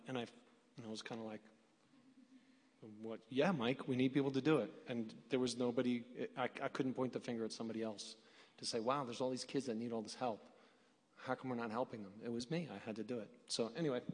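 A man on a panel, a former foster parent, talking haltingly and self-deprecatingly before an audience. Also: mid-range voice, darkish tone. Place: large hall with an audience. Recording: hall reverb.

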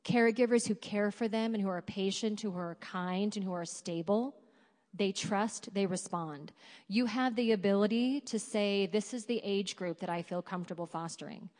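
A former foster parent speaks earnestly and from the heart on a panel before an audience in a large hall. Her mid-range voice is a little mellow and moves at a moderate pace. Hall reverb colors the recording.

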